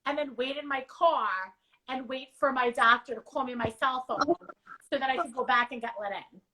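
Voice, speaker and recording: Bright, chatty woman hosting a live chat. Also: sits high, normal speed, low-quality recording. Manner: chatty and animated, swears casually. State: recovering from strep throat. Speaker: host. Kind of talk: casual livestream chat.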